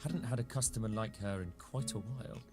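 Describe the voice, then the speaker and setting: A woman narrating a cozy game story in a calm, measured storybook manner. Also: a bass voice. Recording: voice over loud game music.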